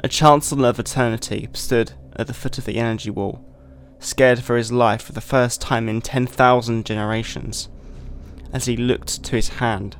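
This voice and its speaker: A man hosting a podcast, giving a measured, deliberate dramatic reading of a short story. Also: medium pitch, fairly even intonation, slight background noise. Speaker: podcast host.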